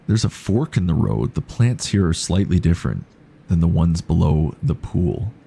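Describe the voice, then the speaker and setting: Deep gravelly-voiced man streaming a game. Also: very animated, unhurried, dark tone. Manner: dry, joking asides to chat. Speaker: gaming streamer. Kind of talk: live gameplay commentary, reading game text aloud.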